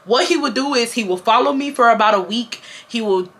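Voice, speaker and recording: A woman vlogger telling a personal story in a chatty, animated way, talking straight to her viewers on a camera mic. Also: fairly high pitch, brisk. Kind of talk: casual storytime chat.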